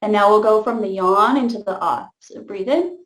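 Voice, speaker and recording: A woman leading an interactive voice workshop, chatty and laid-back, laughing often and filling pauses with "um" and "like". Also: mid-range voice, fairly bright tone, roomy sound. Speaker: voice workshop leader.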